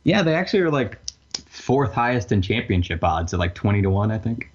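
A man co-hosting a casual sports podcast with a husky voice and dry, deadpan jokes. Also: on the low side, fairly quick. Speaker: podcast co-host. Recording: dull lo-fi recording.

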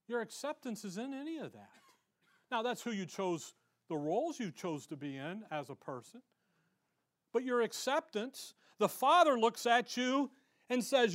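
A man with a high voice preaches from the pulpit, reading out scripture passages. He keeps it conversational, throwing rhetorical questions at the listeners. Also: expressive, normal speed, a bit bright. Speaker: pastor. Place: church service.

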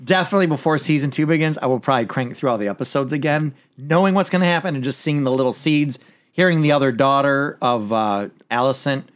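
A man's voice: medium pitch, fast. A man chatting casually as a podcast host, rambling through a TV episode recap with lots of restarts and the odd swear word.

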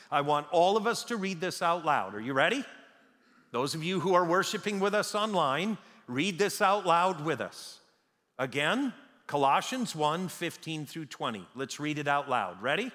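Guy preaching a sermon, fairly high voice, big swings up and down, church echo hanging after every line. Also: big pitch swings, a bit bright. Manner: emphatic, with dramatic slow pauses. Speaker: pastor. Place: church sanctuary. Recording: long reverb of a large hall.

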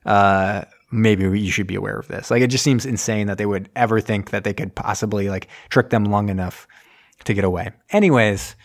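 A man's voice: on the low side, fairly even intonation. Rambling man recapping a movie. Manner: rambling, acts out scenes in quick voices. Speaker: podcast host recapping a film. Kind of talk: casual chat.

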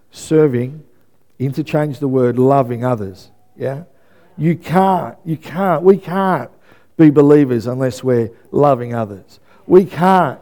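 A man preaching a sermon with a mellow, warm tone, pitched a little higher than most men. He talks casually with his congregation, repeats key phrases for emphasis and keeps checking in with "yeah?". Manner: conversational preaching, often asks "yeah?". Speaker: pastor.

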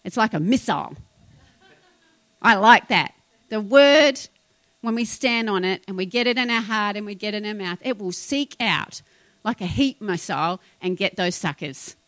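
A middle-aged woman preaching a sermon, feisty and emphatic, moving between loud declarations and quiet asides. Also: mid-range voice, lively intonation, moderate pace, dry recording.

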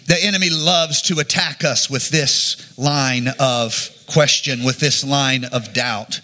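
Bright-voiced male preacher, earnest. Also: medium pitch, steady tone, slow, hardly any pauses. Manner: earnest preaching with frequent restarts and fillers. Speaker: pastor. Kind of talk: sermon.

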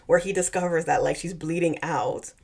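A woman's voice: deep voice, fairly even intonation, moderate pace, vocal fry, darkish tone, husky. A young woman co-hosting a podcast, casually recapping a book and laughing often as she mimics the characters. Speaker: podcast co-host.

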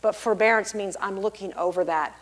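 A woman giving a sermon and personal testimony, swinging between hushed, near-whispered passages and loud, emphatic exclamations as she explains scripture. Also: medium pitch, a little fast. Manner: emphatic, expository. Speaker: preacher.

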